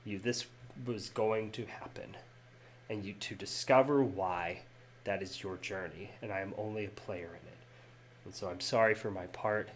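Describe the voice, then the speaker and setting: Casting note: man playing a quiet, resigned mystic guide, low and halting. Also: slight background noise, natural voice. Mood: sorrowful. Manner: soft, halting, apologetic. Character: mysterious male guide, sorrowful and fatalistic.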